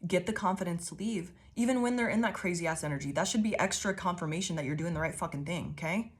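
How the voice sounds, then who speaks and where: A woman's voice: fairly low pitch, fast. Profane, rambling woman tarot reader. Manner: profane, rambling, laughs often; affirming, calls listeners babies. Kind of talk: casual channeled tarot reading.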